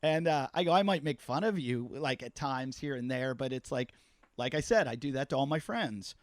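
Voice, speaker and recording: A man hosting a podcast, telling stories in a loud, joking, profane way during a casual interview. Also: mid-range voice, normal speed, dry recording. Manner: animated, profane, jokey storytelling. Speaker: podcast host.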